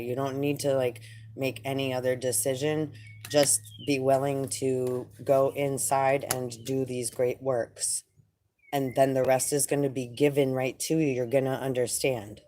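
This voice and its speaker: Woman, low voice, slangy, loose spiritual musing, faint hiss behind. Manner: animated, slangy, laughing, rambling. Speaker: spiritual channeler. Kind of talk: casual spiritual monologue.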